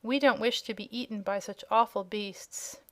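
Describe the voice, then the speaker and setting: A woman's voice: mid-range voice, steady tone, normal speed, a bit bright, natural voice. Woman putting on a plucky young girl. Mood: earnest. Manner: frank, earnest, a bit frightened.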